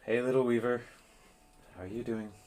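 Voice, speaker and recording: A man voicing a warm, doting middle-aged tiefling mother who fusses and stammers affectionately. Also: mid-range voice, fairly even intonation, moderate pace, natural voice. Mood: tender.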